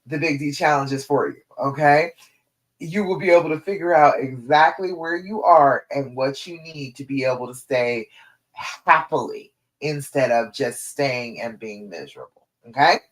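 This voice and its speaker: A woman love coach giving a live-streamed coaching talk, direct and encouraging, often checking in with "okay?" between points. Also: deep voice.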